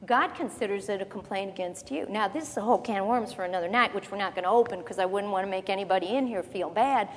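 A woman preaching a sermon, teaching from the Bible in a conversational, animated way with quick asides. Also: mid-range voice, slight background noise. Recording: long reverb of a large hall.

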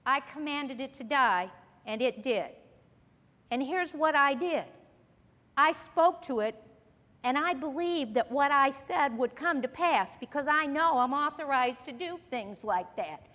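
Preacher woman, high and emphatic, lesson heard with long hall reverb. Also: lively intonation, a little slow, fairly bright tone. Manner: earnest and emphatic, quoting scripture. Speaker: Bible teacher. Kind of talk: sermon.

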